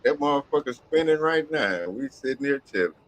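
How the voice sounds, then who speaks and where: A man co-hosting a casual podcast chat, talking in a loose, profane, animated way. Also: medium pitch, fairly quick, slight background noise, low-quality recording. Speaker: podcast co-host.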